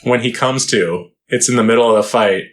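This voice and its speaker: A man's voice: mid-range voice, fairly quick. A man co-hosting a casual podcast chat, laughing often and swearing as he acts out lines from the show. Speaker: podcast co-host.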